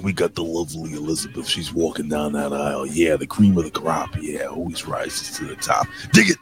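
A man's voice: extremely low pitch, very animated, a little fast, faint music behind. A man co-hosting a wrestling talk show, rambling and cursing while joking around. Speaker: wrestling podcast co-host. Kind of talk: casual chat.

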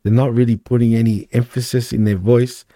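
A man's voice: medium pitch, level tone, a little fast, dark tone, no echo, studio quality. A man co-hosting a casual wrestling podcast, blunt and exasperated, laughing often as he talks. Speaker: podcast co-host.

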